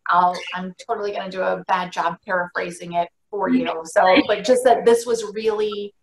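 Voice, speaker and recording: A woman's voice: medium pitch, fairly even intonation, normal speed, crowd noise. A woman hosting a casual interview, affirming and encouraging her guest. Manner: warm affirming, frequent encouraging responses. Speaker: podcast host. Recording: echoey room with faint noise.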